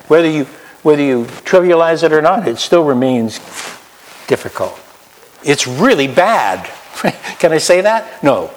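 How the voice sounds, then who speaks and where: A man preaching a sermon as pastor, swinging from loud emphatic highs to quiet low asides. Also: very animated, a little slow, slight background noise. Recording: long hall reverb.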